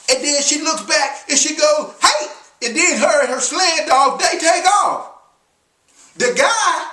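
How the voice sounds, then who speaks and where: A man's voice: very high voice, sharp tone, echoey room, distant mic. A man reviewing commercials in a comedic vlog, talking animatedly with slang and frequent laughs.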